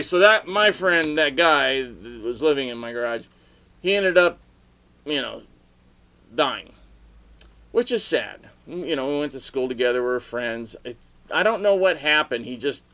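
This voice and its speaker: A middle-aged man rambling through a story for his video blog, with sudden loud outbursts and laughter along the way. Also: medium pitch, expressive, normal speed. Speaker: vlogger telling stories.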